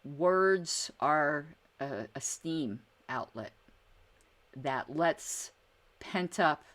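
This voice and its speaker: A woman's voice: low voice, lively intonation, drawn-out words, a bit bright. A middle-aged woman hosting a podcast, talking casually and bluntly about politics, answering viewer questions with mild swearing and frequent restarts. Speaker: podcast host.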